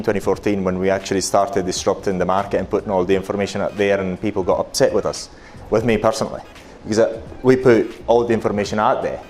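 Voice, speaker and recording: A man's voice: lowish voice, darkish tone, slight background noise. Italian-accented man presenting at a conference. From Italy. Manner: chatty, joking, many fillers and restarts. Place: conference hall.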